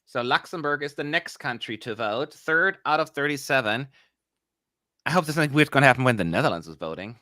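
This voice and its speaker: Lively bright-voiced man, rambling commentary. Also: mid-range voice, a little fast, no room sound, studio quality. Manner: rambling, excitable, grumbles aloud. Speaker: livestream co-host. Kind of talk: live watch-along commentary.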